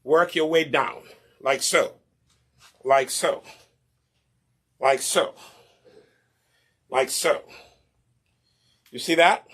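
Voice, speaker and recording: A middle-aged man demonstrates hair care on camera, lecturing his viewers like a stern teacher. His voice sits a little high and sounds bright and tense, and he keeps asking whether they understand. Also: drawn-out words, long pauses. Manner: preachy, repeats questions like "Okay?" and "Do you understand me?". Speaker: hair care business co-owner demonstrating products.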